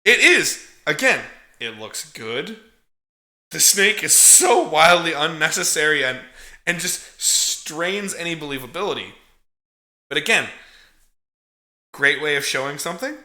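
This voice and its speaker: A man's voice: on the high side, sing-song, measured pace, pauses often, sharp tone, echoey room. A man casually recapping a film as a podcast co-host, swearing freely and laughing as he tells it. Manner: profane, chuckling storyteller.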